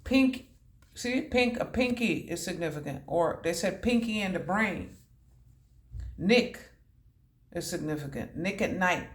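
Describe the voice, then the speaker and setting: A woman's voice: lowish voice, animated, measured pace, echoey room. A woman giving a channeled intuitive reading who free-associates from word to word, makes puns and swears casually. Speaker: intuitive reader.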